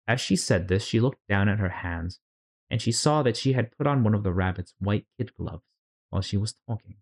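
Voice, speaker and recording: A man narrating a storybook in a read-along, telling it in an expressive, lively way. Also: lowish voice, normal speed, vocal fry.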